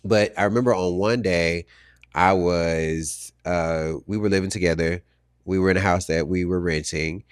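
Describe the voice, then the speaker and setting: Low-voiced man telling a personal story. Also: fairly even intonation, smooth, no echo, studio quality. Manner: reflective, halting with restarts and fillers. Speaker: podcast host.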